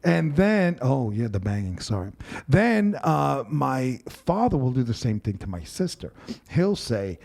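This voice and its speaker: A man's voice: mid-range voice, very animated, measured pace, vocal fry, a little mellow. A man in his fifties hosting a podcast, rambling through stories and acting out family members. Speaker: podcast host. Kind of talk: casual storytelling chat.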